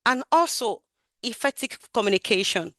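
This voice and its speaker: A woman speaks with a bright, forceful edge and a somewhat high voice. She is emphatic and animated, pushing her voice up and pulling it back down to stress her points. The sound is dry and close, as if heard over a video call. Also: normal speed, no room sound. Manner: animated, emphatic, varies her loudness and projection. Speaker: QA tester sharing career story. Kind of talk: talk on a webinar.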